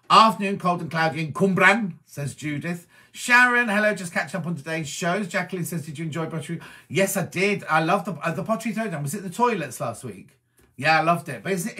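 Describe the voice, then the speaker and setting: A middle-aged man from Wiltshire in England, chatting as a presenter as he reads out viewer messages and answers each one with quick asides. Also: fairly high pitch, bright, forceful tone. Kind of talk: casual chat reading viewer comments.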